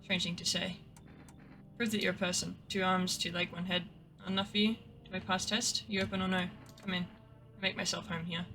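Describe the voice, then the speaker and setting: A woman's voice: lowish voice, level tone, a little fast, pushed and bright, soft background music. A woman doing a terse, broken-English stranger. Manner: terse, clipped broken phrases.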